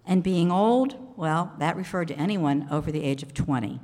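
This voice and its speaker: Woman pastor, low-pitched, unhurried sermon storytelling; long church reverb. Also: darkish tone. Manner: measured storytelling with pauses. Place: church sanctuary. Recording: echoey hall reverb.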